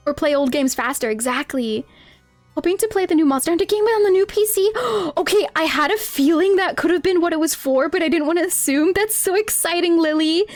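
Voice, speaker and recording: A woman's voice: very high-pitched, no echo. A woman streamer chatting casually with her viewers during a game, giggling constantly and reacting playfully. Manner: giggly, laughs constantly between lines.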